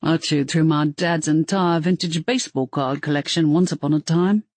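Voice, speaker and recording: A woman's voice: low voice, moderate pace, a little mellow, dry recording. A woman voicing a cheerful male werewolf family man who rambles on about his kids. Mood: chatty.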